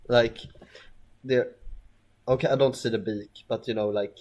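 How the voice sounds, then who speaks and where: Man commentating his own gameplay, halting, restarts sentences constantly, mid pitch. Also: steady tone, darkish tone. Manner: rambling, hesitant, stammers and restarts often. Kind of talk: casual let's-play commentary.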